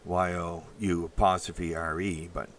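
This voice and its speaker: A man from Canada, hosting a casual livestream and talking in a halting, rambling way as he answers chat comments aloud. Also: low-pitched, little pitch movement, slight background noise. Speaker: livestream host reading chat.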